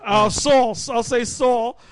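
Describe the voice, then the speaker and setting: A man's voice: very high-pitched, steady tone, takes it slowly, clean tone. A man teaching the Bible in a casual, rambling, emphatic way. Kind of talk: casual preaching.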